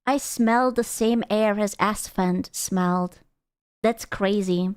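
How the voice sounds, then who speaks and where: A woman streamer giving animated, blunt reaction commentary, swearing freely. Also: mid-range voice, takes it slowly, clean tone, no echo. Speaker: VTuber streamer reacting to a clip.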